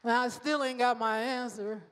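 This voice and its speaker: Woman preacher, high and unhurried, personal and repetitive sermon style, long hall reverb. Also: fairly even intonation, fairly bright tone. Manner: personal, conversational preaching with slow emphatic repetition. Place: church sanctuary.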